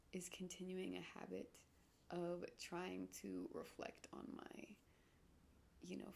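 A woman's voice: mid-range voice, vocal fry, a little mellow, a little hiss or hum. A young woman hosting her own solo podcast, rambling off topic, mocking herself and often dropping into whispers. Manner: digressive, self-mocking, drops into whispers. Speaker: podcast host.

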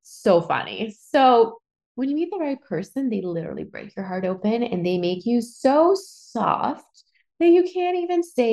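A woman hosting a podcast, telling a personal story in a chatty, animated way and swearing freely. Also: medium pitch, creaky. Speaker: podcast host. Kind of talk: casual storytelling monologue.

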